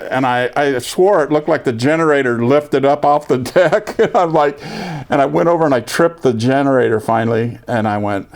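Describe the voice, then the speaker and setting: An older veteran in an oral history interview, telling his story with energy and acting out other people's lines. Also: medium pitch. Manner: lively storyteller, acts out quoted voices.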